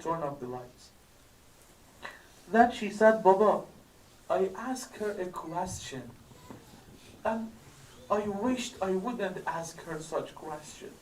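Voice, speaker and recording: A man telling a tearful story at a religious gathering, his voice rising higher and louder as the story builds. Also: reverberant, distant mic, slight background noise, rough recording. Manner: grows louder, higher and crying-like as the story peaks. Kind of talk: emotional story sermon. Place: mosque hall.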